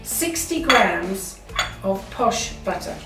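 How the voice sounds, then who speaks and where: A woman's voice: medium pitch, sing-song, takes it slowly, vocal fry, over loud music. A woman hosting a cooking show, chatting enthusiastically as she talks through each step in her home kitchen. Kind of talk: casual cooking demonstration. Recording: roomy kitchen, mic at a distance.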